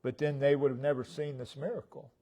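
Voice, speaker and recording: A man preaching a sermon as pastor, stressing single words and swinging between loud and soft. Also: medium pitch, level tone, fairly quick. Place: church sanctuary.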